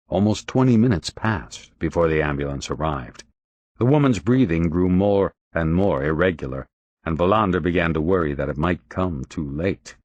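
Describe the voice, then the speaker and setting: A man narrating an audiobook in a steady, expressive reading. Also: sits low, moderate pace, no room sound. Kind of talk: audiobook narration of a crime novel.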